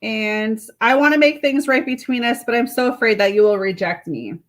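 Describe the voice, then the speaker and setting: Chatty tarot lady doing a live reading, kinda high voice, reading card messages and talking to her viewers. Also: lively intonation, normal speed. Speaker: tarot reader.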